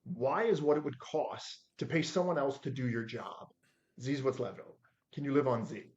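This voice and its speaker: A man in his forties telling stories as a podcast guest, acting out the quotes with lively shifts in voice. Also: medium pitch, moderate pace, muffled recording. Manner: animated storyteller acting out his own quotes. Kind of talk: storytelling in a podcast interview.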